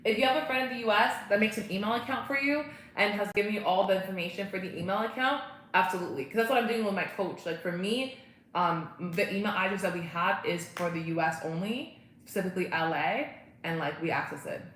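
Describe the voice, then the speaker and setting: A woman's voice: medium pitch, fast, fairly bright tone. A young woman hosting a casual livestream from home, chatting and answering viewer comments. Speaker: livestream host. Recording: echoey room, faint ambient noise.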